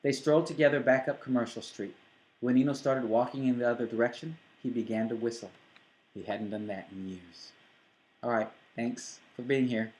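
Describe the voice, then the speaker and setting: A man's voice: mid-range voice, fairly even intonation, normal speed, a little mellow, reverberant, rough recording. A man reading a scene from his own novel aloud, voicing the characters in a near-plain voice with small stumbles. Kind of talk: book reading.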